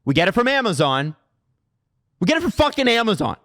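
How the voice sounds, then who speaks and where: A man's voice: sits high, very animated, fairly quick, a bit bright, dry recording, studio quality. A man ranting as co-host of a sports podcast, impassioned and exasperated, swearing often. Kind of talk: heated sports podcast rant.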